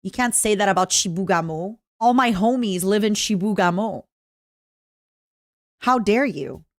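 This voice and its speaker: A young woman with a Canadian accent chatting casually with her stream viewers, jokey and full of quick asides. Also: medium pitch, expressive, no room sound, studio quality. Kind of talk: casual livestream chat.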